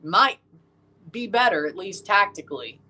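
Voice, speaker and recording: A man's voice: high-pitched, very animated, normal speed, pushed and bright. A man streaming casual, opinionated commentary as he watches a football match and talks to his viewers.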